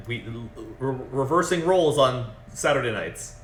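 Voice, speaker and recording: Low-ish guy dm-ing a tabletop stream, chill and rambly, kinda echoey room. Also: normal speed, fairly bright tone, slight background noise. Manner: casual, apologetic, loose with fillers and restarts. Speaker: game master. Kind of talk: narrating a tabletop game on a live stream. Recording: roomy echo.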